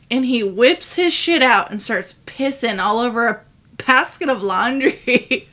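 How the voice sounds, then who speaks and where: A woman co-hosting a casual podcast, telling a story in an animated way and swearing freely. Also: fairly high pitch, moderate pace. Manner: animated, swears freely, loud when retelling. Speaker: podcast co-host.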